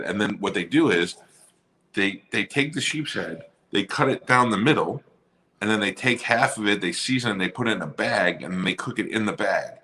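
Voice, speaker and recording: A man with a very low voice talks fast in a loose, profane podcast chat. His tone is bright and forceful, and he spins long stories full of swearing. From Staten Island area, New York. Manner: crude, storytelling, swears freely. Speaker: podcast co-host. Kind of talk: casual chat.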